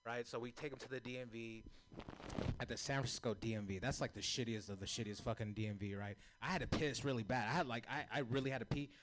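A man doing a crude, self-mocking stand-up comedy set on a club stage, breaking into loud shouts. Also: medium pitch, fast, background noise.

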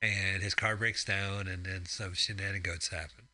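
A man's voice: deep voice, flat delivery, moderate pace, sharp tone. A man co-hosting a radio show, chatting casually about movies and cracking dry jokes. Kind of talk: casual movie commentary chat. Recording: radio studio broadcast.

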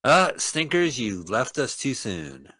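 A man's voice: mid-range voice, very animated, slow pace, bright, forceful tone. A man co-hosting a podcast, making casual wisecracks and goofy bits about a bad movie. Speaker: podcast co-host. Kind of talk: casual movie-riff chat.

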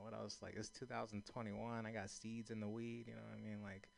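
A young man doing a stand-up comedy set, profane and rambling, laughing at his own jokes and saying he is high. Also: fairly even intonation, fairly quick, creaky. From Native American heritage. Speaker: stand-up comic.

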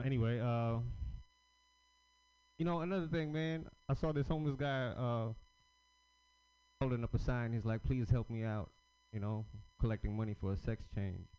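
Rambling stand-up comic man, lo-fi club. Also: medium pitch. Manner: loose, rambling, self-deprecating delivery. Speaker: stand-up comedian. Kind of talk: stand-up set at open mic. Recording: lo-fi live club recording.

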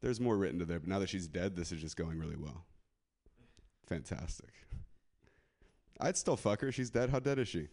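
A man's voice: low voice, lively intonation, moderate pace, pauses often, a little mellow. A man doing a live stand-up set on a club stage, crude and rambling, often laughing at his own jokes. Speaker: stand-up comedian.

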